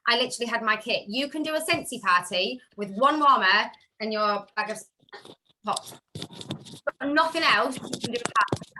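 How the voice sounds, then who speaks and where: A woman speaking from home, casually sharing sales tips on a group call, chatty and full of asides. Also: fairly high pitch. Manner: chatty, self-interrupting, animated storytelling. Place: home room.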